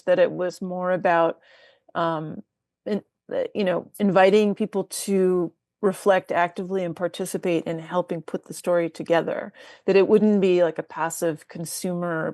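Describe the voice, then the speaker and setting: A woman's voice: lowish voice, darkish tone, no echo, clean studio sound. A woman screenwriter answering Q&A questions over a video call, articulate with small restarts. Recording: remote video call audio.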